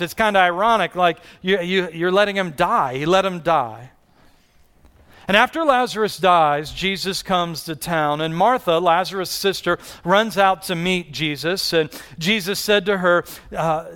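A man's voice: sits high, a bit bright, smooth. A man in his thirties giving a conversational sermon as a pastor in a large church, often repeating words as he restarts a thought. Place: large church hall with congregation.

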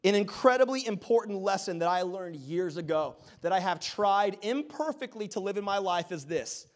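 Man, pastor, sermon, high voice, lively storytelling, joking about himself. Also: normal speed. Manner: animated storytelling with self-deprecating humor.

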